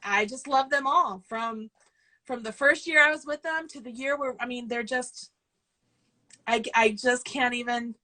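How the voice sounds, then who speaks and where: A woman's voice: a little high, a little slow, pushed and bright, low-quality recording. A woman in her forties, a coach and business owner, chatting casually and getting tearful as she rambles. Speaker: guest host, yarn business owner and throwing coach. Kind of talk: casual video chat.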